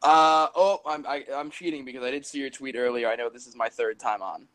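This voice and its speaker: A man appearing as a guest on a sports podcast, trading jokes and putting himself down good-naturedly. His voice sits at an ordinary pitch for a man, and he keeps the tone loose and playful. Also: brisk, fairly bright tone, low-quality recording. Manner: joking, self-deprecating. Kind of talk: casual sports chat.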